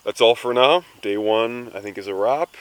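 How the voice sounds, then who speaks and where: A man with a very low voice sums up a day of paddling from a wilderness campsite. His talk is relaxed and unpolished, and he stumbles over repeated words. It sounds like an informal video diary. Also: moderate pace, clean tone, poor audio. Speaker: canoe trip member recapping the day.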